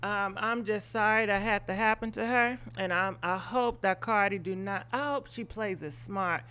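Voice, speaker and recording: A woman's voice: mid-range voice, moderate pace, pushed and bright. Blunt, swearing woman gossip host. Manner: blunt, opinionated, swears casually; rambling with frequent ums and asides. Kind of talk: live-stream gossip commentary.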